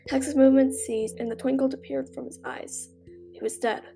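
A woman's voice: sits high, steady tone, fairly quick, gravelly, warm tone. A woman reading a fan story aloud with dramatic storytelling. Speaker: narrator. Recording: faint music behind. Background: faint music.

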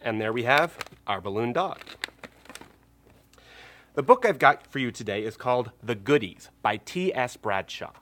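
A man reads a picture book aloud to children in an upbeat, encouraging way. His pitch rises and falls a lot. He takes his time, speaking slowly. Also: animated, fairly bright tone, slight background noise. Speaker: children's storyteller.

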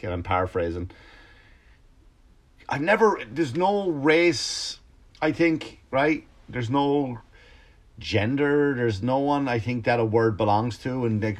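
A man ranting at ordinary pitch in a casual podcast monologue. He is a comedian who swears freely and restarts his sentences as he goes, and the whole thing stays animated. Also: moderate pace.

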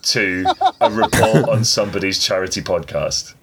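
A man's voice: low-pitched, moderate pace, a loud crowd. A man co-hosting a podcast in casual banter, crude and swearing, laughing often. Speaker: podcast co-host.

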